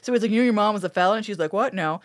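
A woman's voice: mid-range voice, very fast, dry recording. Woman on a podcast ranting about an old tv episode, swears a ton, does the characters' voices, dry close mic. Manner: profane, animated, acts out characters' lines. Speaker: podcast co-host. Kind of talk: casual podcast recap chat.

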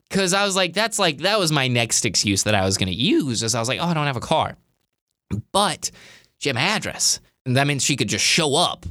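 A man's voice: fairly high pitch, sing-song, a little fast, bright, forceful tone, no echo, studio quality. A young man casually telling a personal story, chatty and filler-heavy, animatedly quoting himself.

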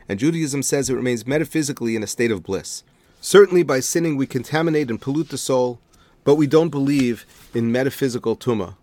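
A man giving a calm, deliberate spoken lesson on prayer, explaining each term with care. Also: mid-range voice, no room sound. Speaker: teacher.

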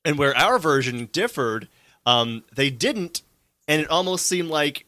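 A man co-hosts a relaxed podcast, speaking with lively enthusiasm. His voice is bright and forceful and moves a lot in pitch. The recording is dry and close. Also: measured pace, no echo. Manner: animated, enthusiastic. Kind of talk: casual chat.

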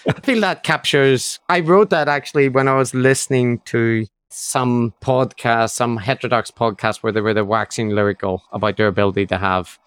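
A man's voice: medium pitch, steady tone, normal speed, hardly any pauses, fairly bright tone, clear, resonant tone, no echo. Wry, laughing male podcast co-host. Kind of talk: casual chat.

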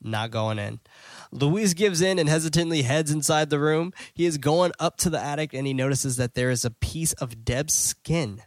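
A man hosting a podcast, recapping a film scene by scene in a loose, chatty way with plenty of fillers and quick self-corrections. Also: fairly high pitch, no echo. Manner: blunt and excitable. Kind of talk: casual scene-by-scene movie recap.

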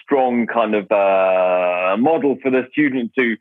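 A man's voice: lowish voice, takes it slowly, no echo. A man interviewing a guest, hesitant, with many fillers and agreeing murmurs. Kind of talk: casual interview. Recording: dry, tinny phone-like line.

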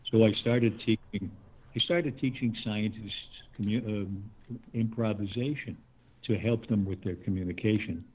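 A man's voice: on the low side, steady tone, normal speed, husky. An older man, an actor, being interviewed and talking thoughtfully with little chuckles and restarts. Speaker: guest. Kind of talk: conversational interview. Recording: tinny phone line.

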